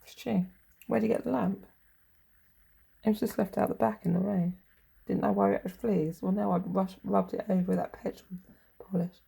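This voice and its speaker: A woman's voice: mid-range voice, fairly even intonation, moderate pace, creaky, long pauses, warm tone, slightly rough. A woman, talking in a blunt, sweary, rambling way with muttered asides. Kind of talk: rambling casual monologue.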